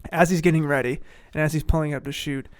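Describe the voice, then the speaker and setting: A young man telling a sports story on a podcast in a casual, animated way, laughing often and acting out what people said. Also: a little high, fast, clear, resonant tone.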